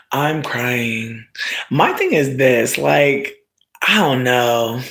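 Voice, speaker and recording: A medium-pitched streamer chats through a story for viewers, animated and full of swearing. Every so often the telling erupts into loud shouts or side comments to the audience.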